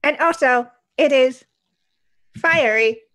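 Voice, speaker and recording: A woman gives voice to a blunt robot crewmate in a tabletop role-play, every line precise and literal. The voice sits high and bright. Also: slow pace. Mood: deadpan. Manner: precise, literal, matter-of-fact. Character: logical, blunt female ship robot crewmate.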